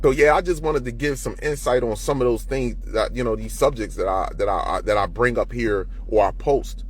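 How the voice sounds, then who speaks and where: A man's voice: mid-range voice, a little fast, a little hiss or hum. A man in an unscripted monologue to camera, profane and preachy, often heated. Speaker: vlogger.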